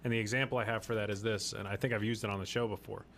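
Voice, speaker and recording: A man's voice: lowish voice, fairly even intonation, racing, a bit bright, slight background noise. Earnest preachy male podcast host. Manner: earnest, preachy, repeats phrases for emphasis. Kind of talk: faith-based podcast discussion.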